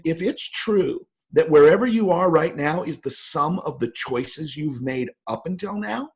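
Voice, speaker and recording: A man's voice: fairly high pitch, husky. A man in his fifties telling stories with emphasis as a guest in an interview, his voice jumping up for quoted lines. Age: 50s. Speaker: guest speaker. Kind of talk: motivational interview talk.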